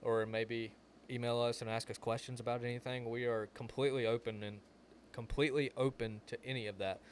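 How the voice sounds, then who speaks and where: A man's voice: medium pitch, little pitch movement, fairly quick, slight background noise. A young man, co-hosting a podcast and telling a rambling story that leans on "like". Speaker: podcast co-host. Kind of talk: casual chat.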